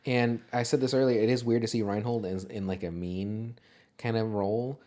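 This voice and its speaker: A man's voice: on the low side, steady tone, moderate pace, dark tone. A man co-hosting a casual movie-review podcast, talking loosely with plenty of swearing, fillers and laughter. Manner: profane, jokey, frequent laughter and filler words. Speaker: podcast co-host.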